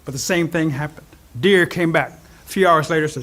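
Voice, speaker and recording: A man telling a traditional folk tale in an animated, expressive way. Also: fairly high pitch, quick pace. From Cherokee Nation. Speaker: storyteller. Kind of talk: oral storytelling.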